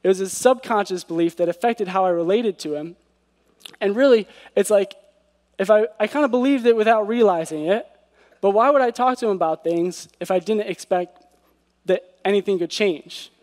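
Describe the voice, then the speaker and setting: A man's voice: sits high, moderate pace, darkish tone. A man giving an earnest devotional sermon who often asks rhetorical questions. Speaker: preacher. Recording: long hall reverb.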